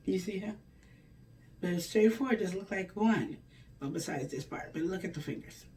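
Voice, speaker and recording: A woman's voice: fairly low pitch, normal speed, dark tone, far from the mic, a little hiss or hum. A woman hosting a relationship advice show, talking in a folksy, preachy way and acting out the quoted lines. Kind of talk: casual advice monologue.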